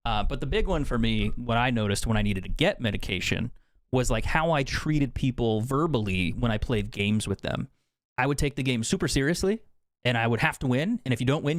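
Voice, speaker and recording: A man's voice: medium pitch, lively intonation, brisk, dry recording, clean studio sound. Candid, profane young man streamer. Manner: candid, profane, laughs often. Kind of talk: casual chat with stream viewers while gaming.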